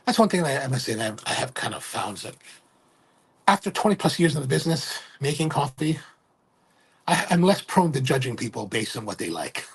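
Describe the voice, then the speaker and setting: Middle-aged male livestream host, gravelly and husky, casual rambling talker who self-corrects. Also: medium pitch, sing-song, fairly quick, long pauses. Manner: rambling, self-correcting, keeps asking "right?". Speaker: livestream host and coffee retailer.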